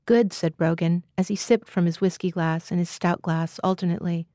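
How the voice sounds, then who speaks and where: A woman reading literary fiction aloud as a guest reader, in an even, measured way. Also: fairly low pitch, no room sound, clean studio sound.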